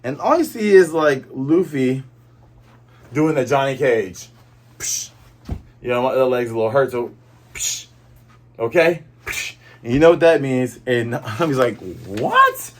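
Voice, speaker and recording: Animated man recapping a manga chapter. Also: mid-range voice. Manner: animated, acts out characters' lines in quick voices. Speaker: manga review host.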